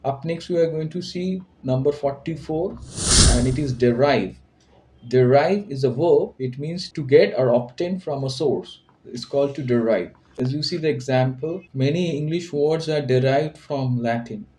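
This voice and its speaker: A man's voice: medium pitch, moderate pace, warm tone, rough recording. A man teaching an English vocabulary lesson, patiently repeating and restating each word's meaning.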